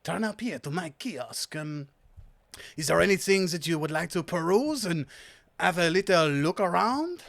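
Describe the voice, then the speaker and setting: A man's voice: sits high, moderate pace, creaky, no room sound, voice pushed up, full character voice. A man voicing a fawning, mustachioed male merchant with a put-on French accent. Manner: flattering, theatrical.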